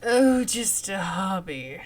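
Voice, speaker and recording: A woman voicing a creepy, unnervingly polite male elf in a role-playing game, speaking low and soft with old-fashioned courtesy. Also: big pitch swings, slow pace. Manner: soft, sinister, overly courteous.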